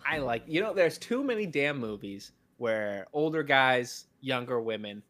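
A man in mid-range pitch talking casually on a podcast. He rambles, restarting sentences and stacking fillers as he works out his thoughts. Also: animated, a little slow, fairly bright tone. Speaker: podcast co-host. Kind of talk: casual chat.

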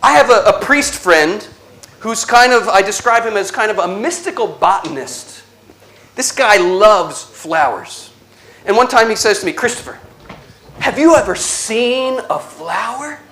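A man giving an inspirational religious talk, telling stories slowly with dramatic pauses and a playful, animated delivery. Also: high-pitched. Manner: slow dramatic storytelling with pauses. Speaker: Catholic speaker.

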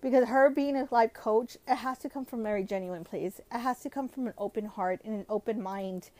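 A woman's voice: a little high, brisk, darkish tone, no echo. A woman with a cold, sounding nasal and congested, hosting a casual podcast, switching between English and Spanish and using lots of "you know" and "like". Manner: many fillers like "you know" and "like". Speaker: podcast host.

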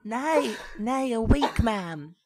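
A woman's voice: on the high side, animated, very slow. A woman voicing a pleading old-timey street urchin, whimpering for a coin.

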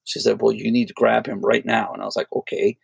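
A man spins a loose, rambling story in a casual podcast chat, swearing freely and getting animated. His voice is heavily gravelly and husky. The sound is dry and close. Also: on the low side, quick pace, no echo. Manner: rambling, profane, animated retelling. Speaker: podcast co-host.

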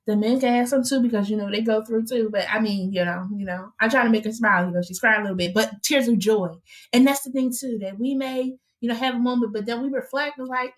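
A woman hosting a live interview show, lively and playful, encouraging her guest and reading out viewer comments. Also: on the high side, fast talker. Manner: reads viewer comments aloud. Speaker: host.

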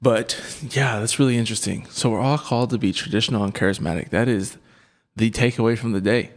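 A man's voice: lowish voice, fast. A man hosting a podcast, playful and teasing, laughing often as he asks questions. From Canada. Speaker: podcast host. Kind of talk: casual interview chat.

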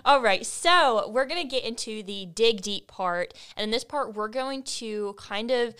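Female co-host, animated, casual Bible chat. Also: on the high side, unhurried, smooth. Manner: animated, laughs often, says "like" a lot. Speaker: podcast co-host.

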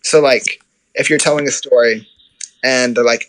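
A man's voice: medium pitch, fairly even intonation, a little slow, a bit bright, low-quality recording. A man from the United States chatting casually about life abroad, with lots of fillers and self-corrections. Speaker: guest describing life abroad. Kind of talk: casual conversation.

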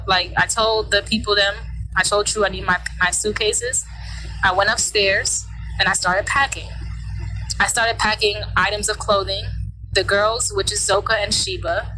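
A woman's voice: medium pitch, sharp tone, a little hiss or hum, rough recording. A young woman casually recounting a personal story in a heated, conversational way, acting out what people said. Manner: casual, heated retelling with quoted voices.

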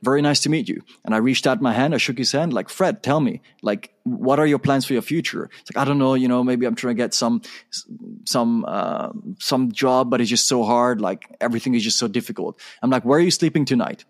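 A man's voice: medium pitch, fairly quick. A man telling a personal story as a guest on an interview show, talking with energy and acting out the dialogue. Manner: animated, acts out dialogue in his story. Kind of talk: conversational storytelling.

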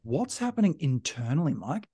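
A man with a slightly raised pitch hosts a relaxed podcast. He explains body problems with everyday examples in a light, playful, teacherly way. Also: normal speed, slightly rough. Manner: playful, teaching, loves doing voices. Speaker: podcast host, manual therapist. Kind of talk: casual podcast chat.

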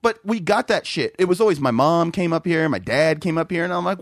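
A man's voice: on the high side, lively intonation, brisk, dry recording. A man co-hosting a podcast, telling exasperated, profane stories about rude customers in casual chat. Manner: profane, exasperated storytelling with laughs. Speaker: podcast co-host.

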